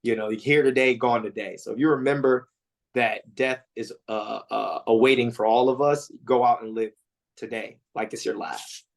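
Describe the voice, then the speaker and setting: As a guest in a casual interview, a man who fights in MMA recounts stories animatedly and acts out quotes. Fillers and restarts come often, and he talks at a moderate pace with a medium pitch and vocal fry.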